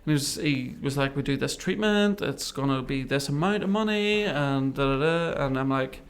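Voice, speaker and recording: Male guest, gravelly, mid pitch, animated storyteller. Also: moderate pace. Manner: animated, acts out remembered dialogue. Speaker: podcast guest. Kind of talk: casual storytelling interview.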